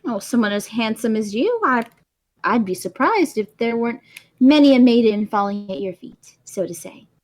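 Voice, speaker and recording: A flirtatious snake-bodied woman, as a woman puts her on at a tabletop game. Her slightly high voice stays playful and teasing as she nudges a shy friend toward romance. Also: lively intonation, moderate pace.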